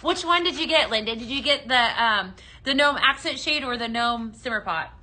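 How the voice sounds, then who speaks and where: Bright chatty woman hosting a live sale. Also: fairly high pitch, lively intonation, moderate pace. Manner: chatty, greets viewers by name, frequent fillers. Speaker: live-selling home fragrance host. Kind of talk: live shopping stream chat.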